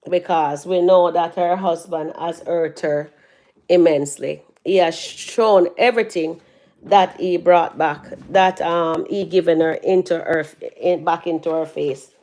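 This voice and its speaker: A woman doing casual live-stream commentary on her phone. She chats with her viewers, reads out their comments and breaks into loud laughs. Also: lowish voice, steady tone, a little slow. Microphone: phone held at arm's length.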